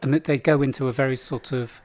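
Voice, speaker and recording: A man's voice: mid-range voice, steady tone, fast talker, a little mellow, dry recording, studio quality. Man in his sixties telling a rambling story. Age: 60s. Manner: rambling storyteller acting out game-show contestants in put-on voices. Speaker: podcast co-host. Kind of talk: casual chat.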